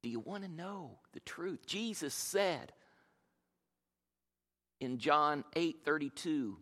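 Male pastor, playful storyteller, high bright voice, reverberant sanctuary. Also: slow. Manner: jokey, animated, self-deprecating storytelling. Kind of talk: humorous sermon. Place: church. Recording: long reverb of a large church hall.

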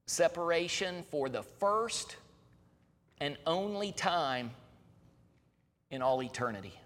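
A male pastor delivering an earnest sermon, his bright, forceful voice swinging from raised emphasis to quiet, solemn lines. He sits on the higher side for a man. A long reverb trails each phrase, as in a large sanctuary. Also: animated, slow pace.

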